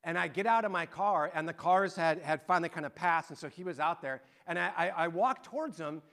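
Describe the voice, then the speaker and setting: A middle-aged man preaching a sermon and telling an animated, excited story to his congregation. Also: a little high, brisk. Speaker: pastor.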